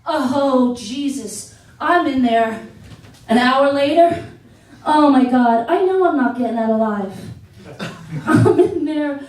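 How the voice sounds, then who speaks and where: A woman doing a stand-up set on a comedy theater stage, telling stories with animated exclaimed asides. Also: sits high, takes it slowly, long pauses. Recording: echoey theater, distant mic.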